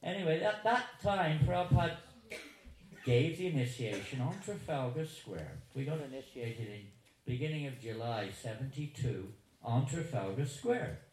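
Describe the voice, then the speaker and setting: A man in his 70s with a medium-pitched, slightly mellow and expressive voice tells anecdotes to a live audience at a moderate pace, chatty, chuckling and digressive. The recording has roomy hall echo and faint noise.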